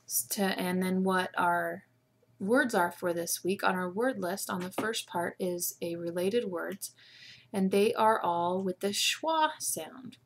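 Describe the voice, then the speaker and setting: A woman teacher giving a patient spelling lesson to students over a webcam, slowly sounding out letters and syllables. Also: on the low side, a little hiss or hum. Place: room with a whiteboard. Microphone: webcam microphone.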